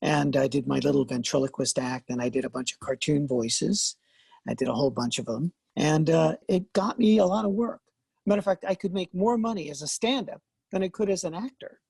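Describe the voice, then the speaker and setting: An older man with a gravelly, husky voice tells lively stories in a relaxed interview. He laughs often and slips into the voices of the people he quotes. The sound is dry and close. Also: on the high side, fairly quick, dry recording. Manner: animated, laughing, acts out quoted lines. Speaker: guest, veteran actor and voice artist. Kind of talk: casual interview storytelling.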